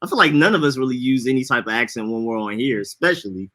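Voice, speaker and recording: A young man with a slight Atlanta accent chats casually as a podcast co-host. He talks in an easygoing way, repeating words and laughing between points. His voice is bright and forceful. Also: medium pitch, expressive, quick pace. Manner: laid-back, laughs often, repeats words. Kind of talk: casual chat.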